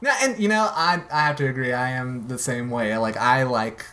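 Male podcast host, mid-pitched, chatty and animated. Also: moderate pace. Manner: chatty, animated, with playful put-on voices. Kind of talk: casual podcast chat.

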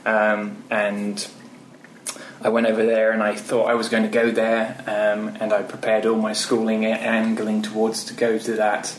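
British man, guest, rambling with ums, low voice, even tone, echoey room. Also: slight background noise. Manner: unhurried and rambling, many ums. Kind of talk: casual interview. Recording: roomy echo.

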